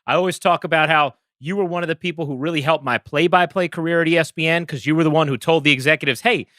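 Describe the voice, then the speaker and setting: Guy hosting, high bright voice, dry close sound, chatty and friendly. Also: fast talker, no room sound. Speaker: host. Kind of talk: casual interview chat.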